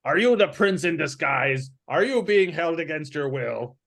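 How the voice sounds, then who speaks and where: A man's voice: a little high, animated, unhurried, creaky, a bit bright, pitched above the performer's own voice, full character voice. A man voicing an earnest, questioning stranger in an online tabletop game.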